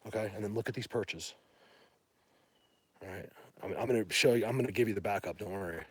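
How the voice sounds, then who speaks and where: A man livestreaming from a phone in a mountain wilderness, chatting to viewers in a rambling, excitable way as a bigfoot hunter. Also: on the low side, a little fast, breathy edge, no echo. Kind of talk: casual live stream chat. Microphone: phone held by hand.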